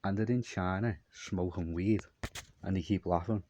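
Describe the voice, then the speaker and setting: A man's voice: low-pitched, steady tone, moderate pace, mellow, slight background noise. A man telling a long, meandering story in a repetitive monologue. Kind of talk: rambling monologue.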